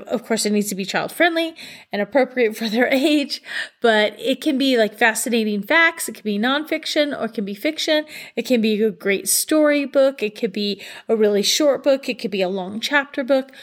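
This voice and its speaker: A middle-aged woman hosting a podcast, giving parents upbeat, chatty advice with lots of emphasis. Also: a little high. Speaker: podcast host. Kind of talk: casual advice talk.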